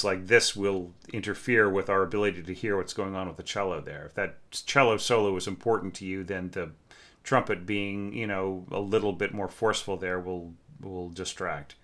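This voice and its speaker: A man whose voice is lowish, bright and forceful works through a student's orchestral score in casual spoken critique. He thinks out loud, uses fillers, and hums snippets of the music along the way, sounding like a relaxed yet demanding teacher giving feedback.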